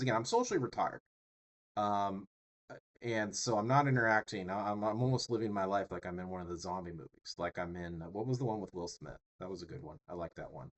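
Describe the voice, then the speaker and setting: A man's voice: lowish voice, a bit bright. A man teaching public speaking in a chatty, joking lecture full of rambling asides. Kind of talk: casual lecture.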